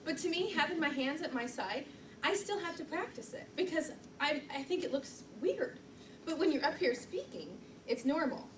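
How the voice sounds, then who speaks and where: She's a middle-aged woman training people in public speaking during a live session, speaking at normal speed with lively intonation, a slightly high pitch and a chatty, self-mocking style. Heard from the back of an echoing meeting room through a far camera mic, the recording is distant and noisy.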